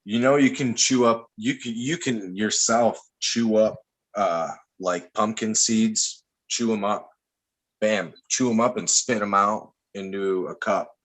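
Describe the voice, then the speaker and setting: A man's voice: on the low side, unhurried, a bit bright. A man hosting an online chat, laid-back and teasing. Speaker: host. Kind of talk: casual chat.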